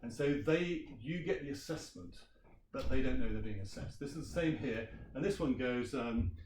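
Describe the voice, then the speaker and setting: A man leads a teacher workshop, talking casually and throwing questions to the audience. His voice sits at an ordinary middle pitch. It is picked up from some distance, so the room rings around him over a faint hum. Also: lively intonation, normal speed, a little mellow. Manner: chatty, quizzes the audience. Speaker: language teacher giving a workshop. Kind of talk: conference workshop presentation. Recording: roomy sound from a distant mic.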